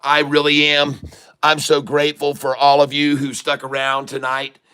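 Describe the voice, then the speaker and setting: A man hosting a live day-trading stream, shouting excitedly at the charts and talking to his chat. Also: a little high, normal speed, smooth. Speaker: day-trading livestream host.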